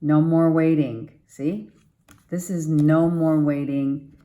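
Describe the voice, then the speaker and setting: A woman's voice: low voice, fairly even intonation, slow pace, warm tone. A woman giving a casual, rambling tarot reading to her viewers. She repeats herself and keeps an upbeat, encouraging tone. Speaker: tarot reader.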